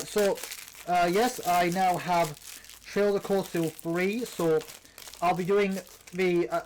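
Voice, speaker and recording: Young uk guy rambling through an unboxing vlog, high voice, lots of ums. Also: slight background noise. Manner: rambling, chatty, with many ums and restarts. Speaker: channel host. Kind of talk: casual unboxing vlog chat.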